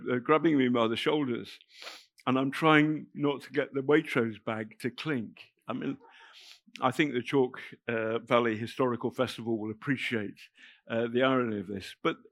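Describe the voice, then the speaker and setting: A middle-aged man, telling a personal story to an audience in a halting, emotional way with many restarts. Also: mid-range voice, a bit bright, no echo, clean studio sound. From England. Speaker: festival speaker telling a story. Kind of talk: spoken anecdote to a live audience.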